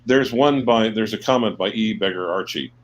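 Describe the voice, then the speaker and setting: A man joins a casual livestream as a guest, offering dry, halting remarks. His voice sits low, with faint background noise on the line.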